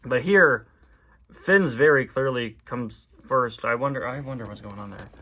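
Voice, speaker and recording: A man's voice: medium pitch, a little slow, bright, forceful tone, slight background noise. A man reading comics aloud and commenting in a chatty, self-deprecating way. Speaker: toy and comic reviewer.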